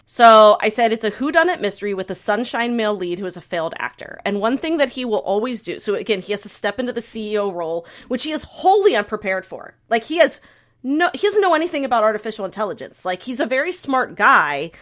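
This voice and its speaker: A woman's voice: a little high, fast talker. Chatty woman podcaster, rambling recap. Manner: rambling, heavy use of "like", animated retelling. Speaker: podcast co-host. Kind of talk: casual chat, recapping a drama.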